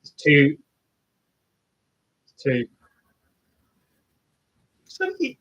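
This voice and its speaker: A man's voice: mid-range voice, steady tone, a little slow, pauses often, dull audio. A man commentating casually on a marathon live for viewers, chatty and self-mocking as he cheers the runners on. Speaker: live race watch-along streamer.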